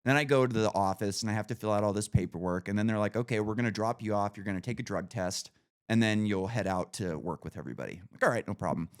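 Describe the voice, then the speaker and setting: A man hosting a podcast, telling a long profane story in casual chat with lots of animated rises. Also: fairly low pitch, fast, clean tone. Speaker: podcast host.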